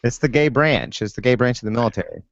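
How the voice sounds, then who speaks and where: A man's voice: medium pitch, animated, gravelly, no room sound. A man, a guest, chatting casually and telling personal stories, often stopping and restarting his sentences. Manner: halting, storytelling with many restarts. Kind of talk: casual chat. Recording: dull, dry lo-fi sound.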